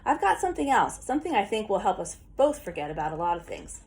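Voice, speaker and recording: A woman reading an audiobook, voicing an eager, kindly old country grandfather who is quick to get excited. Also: medium pitch. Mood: confiding. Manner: eager, hearty, rising with excitement. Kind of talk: audiobook character voice.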